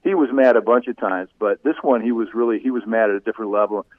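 A middle-aged former sportscaster tells stories as a guest, his voice sitting a little low. He is animated and laughs often. The sound is thin and phone-like, with no room at all. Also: fast, no echo. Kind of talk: conversational storytelling. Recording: tinny phone-like line.

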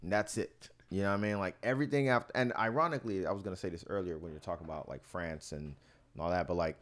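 A man's voice: sits low, rapid-fire. A man co-hosting a podcast in casual chat, telling travel stories and acting out the people he quotes. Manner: animated storyteller, acts out the people he quotes. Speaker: podcast co-host.

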